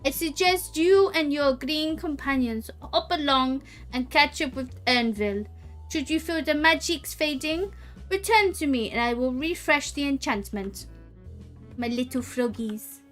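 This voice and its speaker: A woman voicing a calm, wise sorceress, reading game dialogue aloud in a measured, formal way with old-fashioned phrasing. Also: fairly high pitch, soft background music. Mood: composed.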